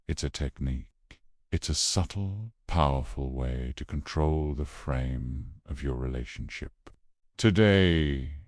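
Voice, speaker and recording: Very deep, slow male narrator. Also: darkish tone, no room sound, clean studio sound. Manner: dramatic, measured storytelling with ominous pauses. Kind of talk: scripted narration.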